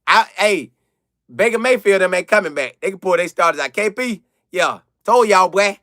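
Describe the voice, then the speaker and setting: A man's voice: high voice, lively intonation, moderate pace, sharp tone, no room sound, studio quality. A man hosting a casual sports live stream, reading viewer comments aloud and reacting in loose slang.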